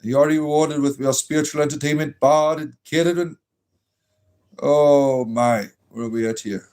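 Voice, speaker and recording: A man's voice: on the high side, steady tone, moderate pace, darkish tone. A man hosting a casual livestream as a druid bard, joking with chat and giving blessings. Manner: joking, reacts to chat messages, blesses viewers. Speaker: livestream host reading chat.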